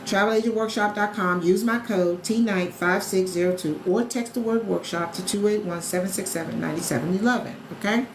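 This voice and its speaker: A woman's voice: mid-range voice, brisk, few pauses, background noise. Chatty woman hosting a live stream, roomy echo. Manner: chatty and upbeat, greets followers by name, repeats key points. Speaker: live stream host recruiting travel agents. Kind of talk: casual sales pitch on a social live stream. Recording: roomy echo with faint background ambience.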